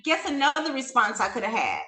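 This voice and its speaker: A woman hosts a talk show and tells a story with animated emphasis. Her voice is high and bright. The room is echoey, and faint music plays underneath. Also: brisk. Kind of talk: storytelling to an audience.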